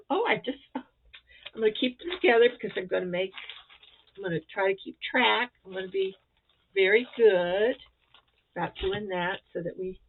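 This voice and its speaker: A woman chatting casually and excitedly as she shows off crochet squares for a vlog. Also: mid-range voice, husky. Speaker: crochet vlogger. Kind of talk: casual show-and-tell chat. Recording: tinny phone-like sound.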